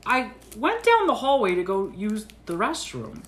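A man co-hosting a comedy podcast, telling a story in an animated way and acting out the quoted lines with big jumps in pitch. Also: normal speed. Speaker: podcast co-host.

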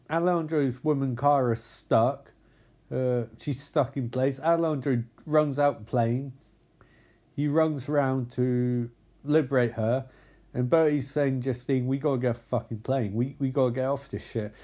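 A man, casually recapping a film and acting out the characters' lines. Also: medium pitch. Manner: animated, acts out characters' lines, swears a lot. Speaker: film commentator.

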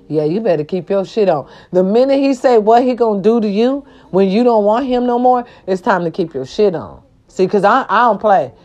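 A woman delivering an impassioned vlog rant. She is blunt and profane, and she repeats her phrases for emphasis. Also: fairly high pitch. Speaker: vlogger.

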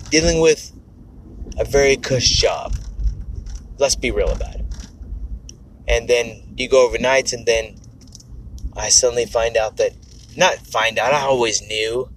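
A man's voice: medium pitch, a bit bright, slight background noise. Profane rambling man venting. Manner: rambling, frank, profane, self-correcting. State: on edge. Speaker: podcast host. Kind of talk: casual personal monologue.

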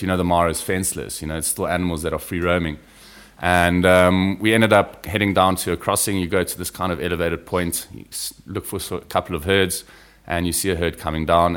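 Deep-voiced man telling wildlife stories. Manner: relaxed, anecdotal, drops to a hush when describing wildlife. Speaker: podcast guest, reptile field explorer. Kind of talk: casual conversational storytelling.

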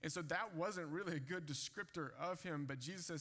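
A man's voice: fairly high pitch, fairly quick, pushed and bright. A man preaching a sermon, retelling scripture in casual everyday speech. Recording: long hall reverb.

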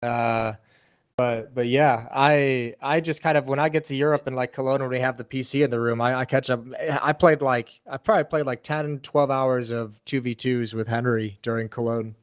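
A man's voice: mid-range voice, fairly even intonation, normal speed, clear, resonant tone. A man in his thirties from North America, co-hosting a casual esports chat, talking chattily with lots of fillers and restarts. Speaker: podcast co-host.

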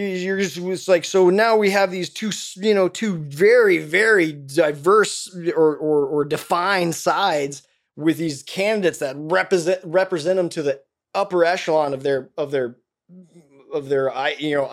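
A man's voice: a little high, a little slow. A man as a podcast guest, ranting in a heated, profane way with many restarts. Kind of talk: casual podcast conversation.

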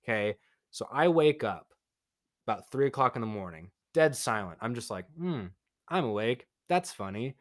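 Animated rambling young man telling a story. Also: medium pitch, normal speed. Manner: animated, rambling with many fillers and voiced quotes. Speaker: podcast co-host. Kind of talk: casual storytelling chat.

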